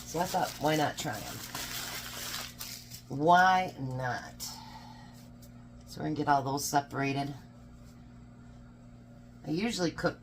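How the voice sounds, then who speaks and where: A woman's voice: deep voice, slight background noise. A woman chatting casually while cooking supper at home, joking about herself as she goes. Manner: chatty, self-deprecating, laughs at herself. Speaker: cooking vlogger. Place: home kitchen.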